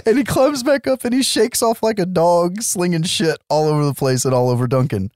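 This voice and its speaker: With a high voice and darkish tone, this man talks at a moderate pace while recapping a movie on a podcast. It's casual comedic chat full of laughter and silly character voices, recorded as clean studio sound with no room sound.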